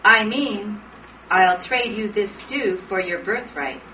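A woman voicing a quiet, scheming younger twin who turns businesslike and bargains in a children's story. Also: mid-range voice, slow. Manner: eager, then businesslike and bargaining. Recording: distant, roomy, noisy playback.

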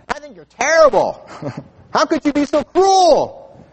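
A man's voice: big pitch swings, measured pace, long reverb tail, exaggerated voice, rough recording. A man imitating indignant young children who scold the adults for being cruel. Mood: outraged. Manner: shrill, outraged scolding.

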